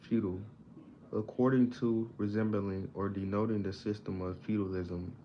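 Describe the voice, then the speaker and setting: A man's voice: fairly low pitch, flat delivery. A man reading a book aloud in a casual study session, stumbling over words and stopping to explain them in plain slang. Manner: reads haltingly, stumbles on words, pauses to define them in slang. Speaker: self-taught reader explaining a book. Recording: dull lo-fi audio, faint background noise.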